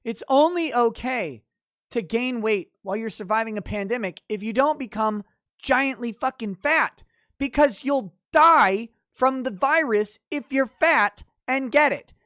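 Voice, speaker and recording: A man's voice: very high voice, unhurried, pushed and bright, no room sound, studio quality. A man hosting a casual livestream, reading chat messages and mocking an article with sardonic, profane commentary. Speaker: livestream host.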